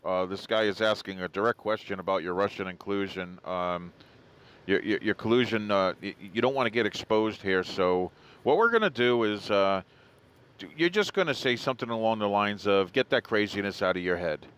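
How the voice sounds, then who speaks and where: A man putting on a stammering nervous interpreter, deep. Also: normal speed, fairly bright tone, a little hiss or hum, natural voice. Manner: stammering, full of uh and um. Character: nervous hesitant male interpreter coaching a leader. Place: outdoors.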